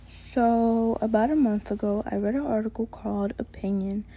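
A woman's voice: a little high, fairly even intonation, normal speed, mellow. A woman giving a prepared student presentation, reading steadily and earnestly, with a casual filler now and then.

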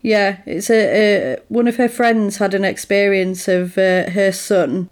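A woman's voice: medium pitch, fairly even intonation, unhurried. A woman in casual chat, rambling through a film plot with lots of "like" and "sort of".

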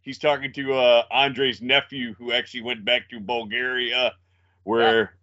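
A man co-hosting a podcast, throwing sarcastic jabs and quick comebacks in casual banter. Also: mid-range voice, level tone, bright, forceful tone, dull audio. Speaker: podcast co-host.

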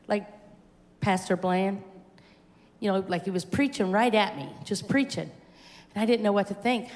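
A woman's voice: mid-range voice, darkish tone. Woman giving testimony in an echoey hall. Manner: storytelling, acting out remembered dialogue, building to fervent exclamations. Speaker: church testimony speaker. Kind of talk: personal testimony at a church service. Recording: echoey church hall with long reverb.

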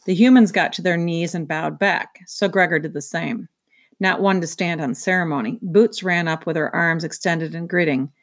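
Woman, lowish voice, reading a children's chapter book aloud, steady and even. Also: normal speed. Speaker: reader.

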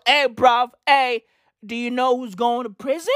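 A woman's voice: on the high side, unhurried, no room sound. Woman doing a reaction rant, swears a lot, repeats slang, dry close sound. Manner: excitable and profane, repeating slang fillers. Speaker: commentator. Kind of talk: reaction commentary.

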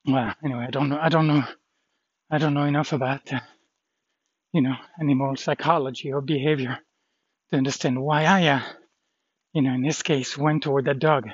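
A man's voice: mid-range voice, fairly even intonation, moderate pace, long pauses, slightly rough, no echo, muffled recording. A shaken man rambling about a dog fight, swearing under his breath and trailing off. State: shaken, adrenaline-pumped. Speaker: vlogger. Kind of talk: shaken personal vlog after a dog fight.

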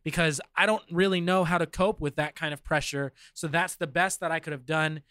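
A man with a bright, forceful voice, a little high for a man, talks through sports news on a podcast. He muses aloud and reads from notes with frequent fillers. The sound is dry and close. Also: fairly even intonation, fairly quick, clear, resonant tone, dry recording. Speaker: podcast co-host. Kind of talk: casual chat reading news.

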